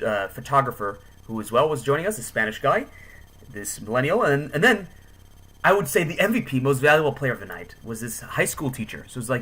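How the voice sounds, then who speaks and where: A young man telling casual travel stories, rambling with lots of fillers. His voice is bright and sharp. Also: medium pitch. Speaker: travel vlogger. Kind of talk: casual storytelling.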